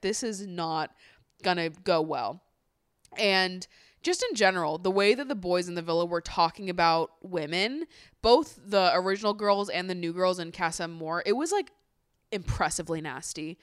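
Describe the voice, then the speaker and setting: A woman's voice: lowish voice, clean tone, dry recording. Candid swearing young woman, dry close sound. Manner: candid, animated, swears freely, mocks others in put-on voices. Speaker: podcast host. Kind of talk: casual chat.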